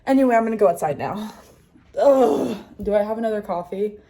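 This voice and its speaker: A young woman in her twenties chatting casually to camera in a vlog, self-mocking and often dropping into soft asides. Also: medium pitch, rapid-fire. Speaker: vlogger. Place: on the move, home, train and hotel room.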